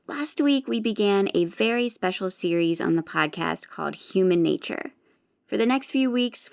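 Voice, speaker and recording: A woman hosting a podcast, giving a friendly, clear scripted introduction. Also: mid-range voice. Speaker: podcast host.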